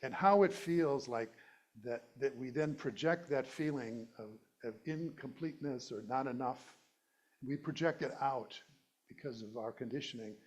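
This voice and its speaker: A middle-aged minister speaks at normal speed in a mid-range voice, preaching a playful, conversational sermon in a church sanctuary. He laughs along with his own jokes.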